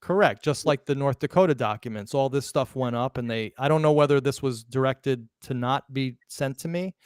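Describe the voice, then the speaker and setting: A man hosts a live podcast in an excited, emphatic rush, tripping over words and starting them again as he goes. His voice is smooth and resonant, and the sound is dry and close, with no room around it. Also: medium pitch, moderate pace, no echo. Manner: excited, emphatic, with restarts and stumbles. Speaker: podcast host.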